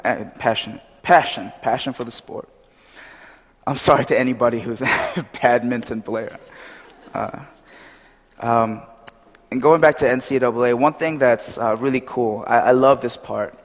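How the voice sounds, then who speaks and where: A young man delivers a casual sermon in a church hall, his medium-pitched voice moving at a moderate pace. He's chatty and tells stories, tossing frequent asides to the congregation and growing animated as he retells events. The recording carries the reverb of the hall.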